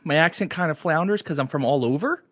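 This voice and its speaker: A man's voice: on the high side, animated, fast, a bit bright, no echo. A man putting on a folksy wandering-accent stand-in. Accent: put-on mix of Midwest and Canadian. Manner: drawling, tacks on "don't you know".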